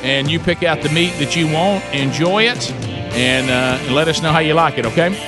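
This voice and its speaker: A man with a high, bright voice hosts a radio call-in show from the studio. He is excitable and breaks into chants and shouts while calling the prize wheel. A loud music bed plays steadily beneath him. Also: moderate pace.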